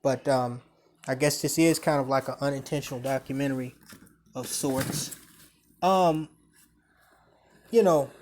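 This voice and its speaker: Profane, blunt man ranting to camera. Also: a little high. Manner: profane, blunt, animated storytelling. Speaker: vlogger. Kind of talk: casual storytelling rant to camera.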